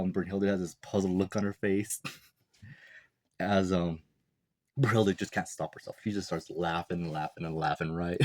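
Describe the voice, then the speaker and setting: A man's voice: sits low, a little mellow, no room sound, clean studio sound. A young man casually breaking down a manga chapter, rambling and chuckling, full of "like" and "you know". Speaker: manga reviewer.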